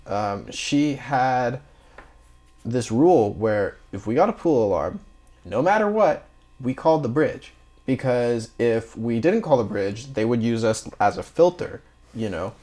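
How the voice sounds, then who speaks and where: A man's voice: mid-range voice, a little mellow. A man, a marine engineer, chatting casually and telling rambling work stories, acting out what people said and laughing along. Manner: rambling storyteller who acts out dialogue and laughs.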